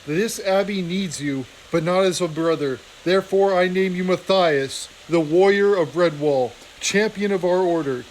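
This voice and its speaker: A man reading aloud, voicing an old male abbot mouse who is dying, gentle and fatherly. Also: high-pitched, normal speed, few pauses, slight background noise, natural voice, rough recording. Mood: tender.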